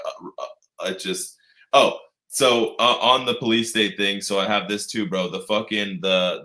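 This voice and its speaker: A man's voice: deep voice, pushed and bright, roomy sound. A man co-hosting a podcast in casual chat, rambling and swearing, mocking the people he quotes in put-on voices. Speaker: podcast co-host.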